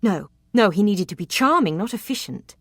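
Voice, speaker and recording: A woman narrating a romance novel, with an expressive, even reading. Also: mid-range voice, normal speed, no echo, clean studio sound. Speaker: audiobook narrator.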